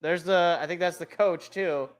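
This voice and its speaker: A man's voice: high voice, fairly even intonation, normal speed, clear, resonant tone. A young man hosting a live reaction stream, chatting casually and thinking aloud as he reacts, chuckling to himself now and then.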